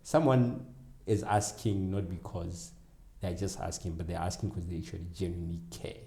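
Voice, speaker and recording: A man's voice: deep voice, steady tone, moderate pace, gravelly, warm tone, roomy sound. A man speaking as a guest educator in a conversational interview, earnest and acting out conversations with students. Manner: earnest, acts out dialogue with kids. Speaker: guest, educator and tutoring business owner.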